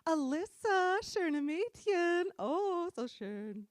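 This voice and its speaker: Woman doing slimy tram creeps: high, crooning, mock German accent. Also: big pitch swings, slow, no echo, studio quality, full character voice. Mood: leering. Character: leering slimy young men on a tram.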